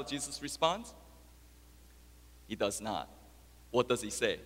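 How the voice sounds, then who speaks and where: Preaching man, slow, in a reverberant hall. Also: sing-song. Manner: swings from soft and low to loud, high-pitched emphatic peaks. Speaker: pastor. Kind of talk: sermon.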